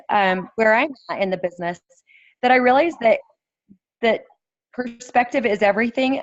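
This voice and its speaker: A woman sharing earnestly on a group call from her phone, her voice hoarse from yelling. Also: fairly high pitch, no echo. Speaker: team member on a group call. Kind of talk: casual sharing on a video call. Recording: dull lo-fi phone audio.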